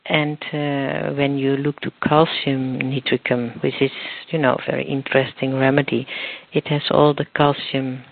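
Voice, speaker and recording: Halting man on a tinny phone line. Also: mid-range voice, little pitch movement, vocal fry, no room sound. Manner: halting, searching for words, many restarts. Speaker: guest expert. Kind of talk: phone interview explanation.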